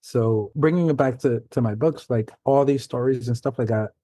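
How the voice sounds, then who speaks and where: A man from New York City, a guest author, chatting casually in a halting, loose storytelling way. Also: medium pitch, warm tone, no echo. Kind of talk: casual conversational chat.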